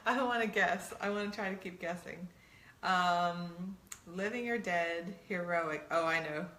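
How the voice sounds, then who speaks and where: A woman's voice: on the low side, a little slow, pushed and bright, echoey room. A middle-aged woman co-hosting a show, chatting casually and teasingly with her husband, laughing often. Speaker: podcast co-host. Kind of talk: casual chat with spouse.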